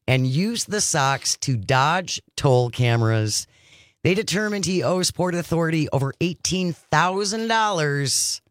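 A woman's voice: sits low, no echo. A woman hosting a radio talk show, chatting casually and reading news items aloud in a studio. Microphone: studio microphone.

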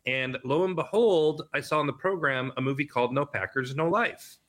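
A man's voice: a little high, normal speed, a bit bright. A man as an interview guest, talking animatedly with frequent restarts about bringing a film to theaters. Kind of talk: casual interview.

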